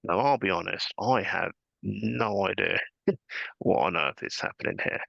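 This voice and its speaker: Male host, gravelly, relaxed rambler, dry dull mic. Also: low voice, moderate pace, no room sound. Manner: relaxed, rambling, chuckles often. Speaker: podcast host. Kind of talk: casual chat. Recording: dull lo-fi sound.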